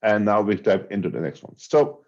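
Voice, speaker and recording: A man's voice: fairly low pitch, big pitch swings, a little fast, a little mellow. Man giving an online talk. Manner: conversational, hesitant, with filler restarts. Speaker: conference speaker. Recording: dull lo-fi audio.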